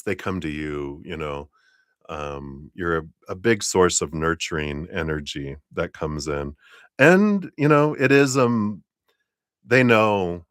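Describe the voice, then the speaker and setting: A man with a low voice reads tarot on a livestream in a loose, chatty manner, full of fillers and quick laughs. His voice is close and dry, with no room around it. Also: clean tone, no room sound. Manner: chatty, animated, laughs often, many fillers. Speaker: tarot reader. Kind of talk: live-streamed tarot reading.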